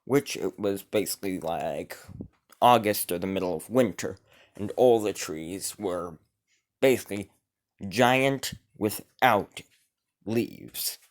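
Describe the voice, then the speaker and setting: A man's voice: low voice, slow pace. A man improvising a fantasy story in casual narration, rambling, with frequent restarts and self-corrections.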